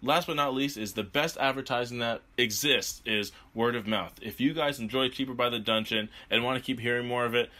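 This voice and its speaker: A young man hosting a tabletop podcast and playing a character, in a relaxed, chatty manner. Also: mid-range voice, fairly quick, few pauses. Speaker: podcast host and player. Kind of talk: casual podcast talk.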